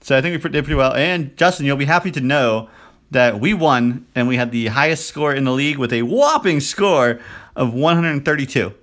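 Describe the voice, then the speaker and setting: A man's voice: medium pitch, fairly quick. A man co-hosting a podcast, telling rambling stories in casual chat and acting out quoted lines. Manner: rambling storyteller, quotes himself and others in animated bursts. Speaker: podcast co-host.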